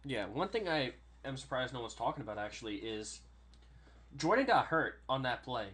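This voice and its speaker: Young male podcast co-host, lively sports chatter, quick to laugh and mimic players. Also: medium pitch. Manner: animated, laughs often, does player impressions. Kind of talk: casual sports chat.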